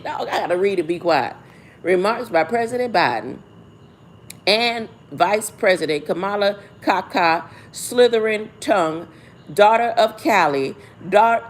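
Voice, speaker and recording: Woman, slow pace, rambling commentary, reads aloud, rhetorical asides. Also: medium pitch, a little hiss or hum. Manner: rambling, asks rhetorical "huh?" often, breaks off to self-correct. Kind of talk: casual musing commentary.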